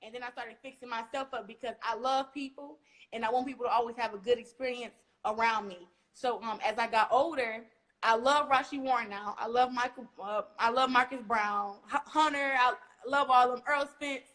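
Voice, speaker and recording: A young woman from Flint, Michigan, talking casually as an interview guest, animated and acting out quotes as she tells stories. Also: fairly high pitch, moderate pace. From Flint, Michigan, USA. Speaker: guest boxer.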